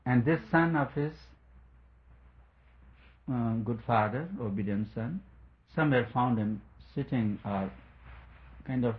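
A man's voice: medium pitch, slow, long pauses, narrow, tinny audio. A man giving a spiritual talk, telling a story in a rambling way, searching for words and chuckling.

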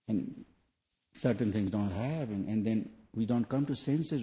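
Man, sermon, earnest questioning, mellow, dull lo-fi recording. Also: mid-range voice, expressive, unhurried. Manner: questioning, earnest, with shifts between soft and loud. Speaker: spiritual teacher.

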